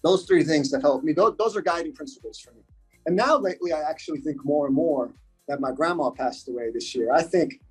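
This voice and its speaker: A man's voice: fairly high pitch, brisk, slightly rough, faint music behind, low-quality recording. A man from the United States, a podcast guest talking in a casual interview, earnest and repeating his points for emphasis.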